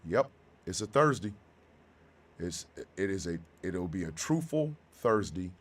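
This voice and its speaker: Guy in his 50s, low voice, talks slow n heartfelt on his radio show. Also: breathy edge. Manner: heartfelt, slow and halting, then bursts of loud excitement. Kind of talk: emotional monologue.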